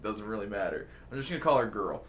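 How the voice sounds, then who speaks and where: A man's voice: fairly low pitch, expressive, quick pace, slight background noise. A male podcast host telling a rambling story in casual chat, joking and swearing constantly. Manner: rambling, profane and jokey.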